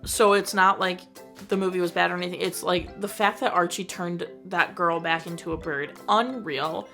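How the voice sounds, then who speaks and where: Young woman, movie review vlog, gushing and slangy, bright forceful voice, soft music behind. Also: fairly low pitch, normal speed, creaky. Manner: gushing, slangy, lively quoting of scenes.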